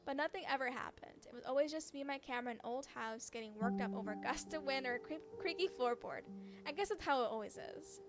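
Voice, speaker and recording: A woman's voice: high voice, fast talker. A woman voicing an upbeat young cryptid hunter and vlogger, talking in a chatty, earnest way over game music.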